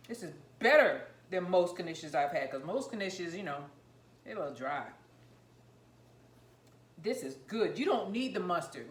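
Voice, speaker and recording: A woman vlogging about home cooking, chatting excitedly and rambling while she tastes and eats her food. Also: lowish voice, roomy sound. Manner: talking while eating, mouth full. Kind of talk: casual cooking vlog, tasting on camera.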